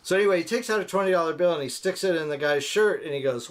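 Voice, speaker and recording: A middle-aged man hosting a relaxed live chat. He rambles and tells long jokes, putting on voices for the people in them. His voice sits a little higher than most men's. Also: quick pace, few pauses. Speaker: co-host of a live motorcycle chat. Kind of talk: casual live-stream chat, joke telling.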